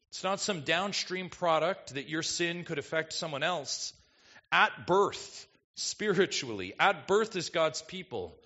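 A man preaching a sermon as a pastor, asking the congregation questions and swinging between quiet asides and emphatic lines. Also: mid-range voice, dull audio.

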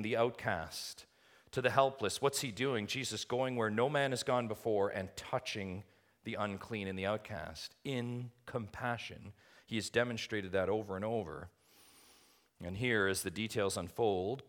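A male pastor delivers an expository sermon in a somewhat low voice. He talks emphatically, often asks rhetorical questions and addresses his listeners as friends. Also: fairly bright tone.

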